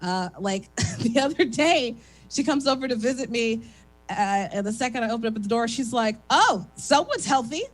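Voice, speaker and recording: A young woman from East Oakland performs a stand-up set in a calm, even voice that sounds like radio announcing. She pitches her voice a little high and fills the pauses with self-mocking asides. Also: faint music behind, low-quality recording. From East Oakland, California. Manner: even, radio-like speaking voice, self-deprecating, many fillers. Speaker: stand-up comic.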